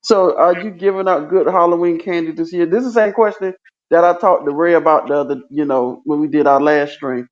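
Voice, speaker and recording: A man co-hosts a casual livestream chat, rambling and leaning on fillers as he talks. His voice sits high. The sound is dull and lo-fi. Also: brisk. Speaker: livestream co-host.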